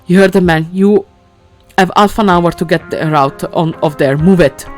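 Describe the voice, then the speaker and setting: A woman's voice: fairly low pitch, normal speed, close to an everyday voice. A crude, bossy woman crew leader from a game, put on by a woman reader. She barks orders in a brash, commanding way. Faint music plays behind.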